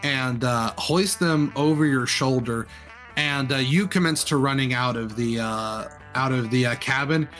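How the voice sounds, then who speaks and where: A man's voice: mid-range voice, unhurried, a bit bright, faint music behind. A man running a tabletop game as game master, narrating loosely with lots of fillers and restarts.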